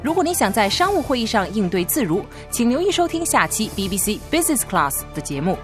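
A woman's voice: a little high, very animated, fast talker, over loud music. A woman announcer reading a scripted radio program outro in a formal way. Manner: smooth, formal.

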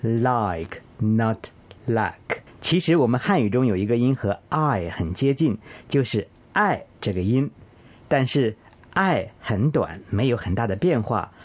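A man co-hosting a pronunciation lesson, a native Mandarin speaker explaining clearly and steadily. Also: medium pitch, big pitch swings, moderate pace, a little mellow. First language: Mandarin Chinese. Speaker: co-host of English pronunciation lesson. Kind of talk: scripted radio lesson, explaining in Chinese.

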